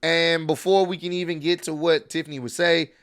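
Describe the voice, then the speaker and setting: Man, host of his own recap channel, higher-pitched, loose conversational rambling, opinionated. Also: little pitch movement, brisk, fairly bright tone. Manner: rambling, frequent "you know" fillers, opinionated. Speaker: wrestling recap vlogger. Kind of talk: casual spoken show recap.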